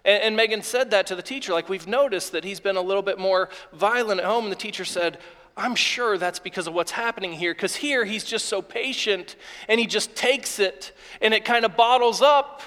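A man in his thirties preaches in a high voice, his sermon turning emotional as he tells a story with halting restarts. His words ring out with a long reverb from the church sanctuary. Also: bright, forceful tone. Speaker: pastor.

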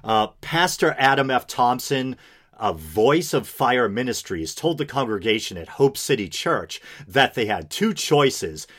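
A man's voice: medium pitch, expressive, unhurried, a bit bright. A man hosting a podcast, reading news aloud and commenting sarcastically with chuckles. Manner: sarcastic, laughs while reading. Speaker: podcast host.

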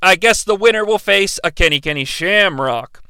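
Gravelly, bright-voiced wrestling podcast host. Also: male voice, high voice, moderate pace, no room sound. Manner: profane, animated, sarcastic. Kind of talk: casual wrestling recap commentary.

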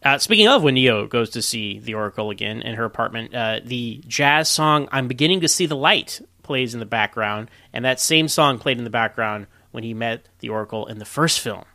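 A man co-hosting a casual podcast chat, sharing film trivia in a chatty, animated way and laughing often. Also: medium pitch, fairly quick, hardly any pauses, no echo.

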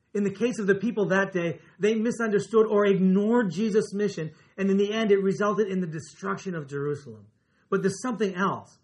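High-voiced man preaching a sermon. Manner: earnest, slows and drops his voice on key words. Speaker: pastor.

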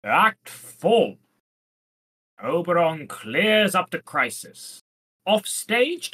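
A man co-hosting a podcast, giving a lively summary of a play's plot. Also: fairly high pitch, slightly rough. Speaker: podcast co-host. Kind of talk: scripted plot summary and chat.

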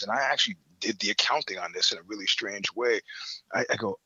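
A man's voice: lowish voice, fast, bright, forceful tone, breathy edge, no echo, highs cut off. A middle-aged man from the United States in casual chat, rambling through stories with swearing and laughter. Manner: rambling, profane, laughs between points. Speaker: podcast guest.

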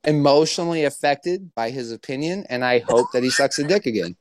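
A man's voice: medium pitch, fairly quick, no echo. A man hosting a podcast, ranting and joking in casual, profane banter. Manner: animated, profane, joking rants. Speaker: podcast host.

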